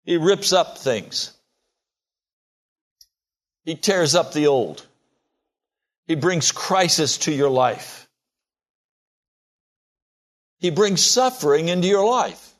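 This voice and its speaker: A man's voice: sing-song, slow pace, pauses often. A man in his sixties preaching a sermon, emphatic, acting out prayers in a rising voice. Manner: emphatic, acts out quoted prayers with rising pitch.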